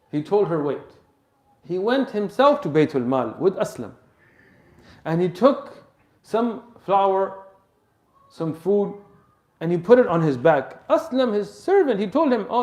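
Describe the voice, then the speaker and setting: Guy preaching in a mosque, high lively voice, tells the story with big drama, kinda echoey. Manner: dramatic, acts out the story's voices and drops soft and low at emotional moments; mixes Arabic religious terms into English. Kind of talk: sermon storytelling. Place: mosque hall.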